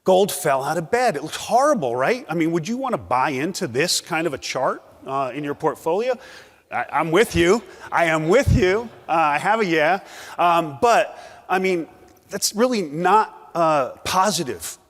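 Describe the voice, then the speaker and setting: A man's voice: fairly high pitch, expressive, normal speed. Joking man talking in a big hall. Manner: joking, conversational, many fillers. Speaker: conference speaker. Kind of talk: live conference talk. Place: conference hall. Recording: reverberant hall.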